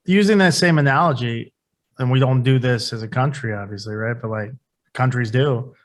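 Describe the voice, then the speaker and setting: A man's voice: mid-range voice, moderate pace. A man co-hosting a casual podcast. He talks loosely, with lots of "like" and "right?". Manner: loose and conversational, many "like" and "right?" tags. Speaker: podcast co-host.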